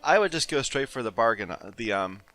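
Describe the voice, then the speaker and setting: A man's voice: mid-range voice, lively intonation, fairly quick, pushed and bright. A man giving casual gameplay commentary as he plays, rambling and searching for words. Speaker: gaming video host. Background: game music and audio.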